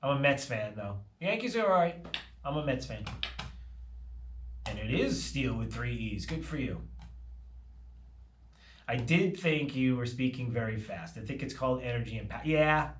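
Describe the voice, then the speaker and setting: A man hosting a morning radio live stream, animated and fast-talking as he greets viewers in a casual chat. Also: medium pitch, reverberant, a little hiss or hum. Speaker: radio show host.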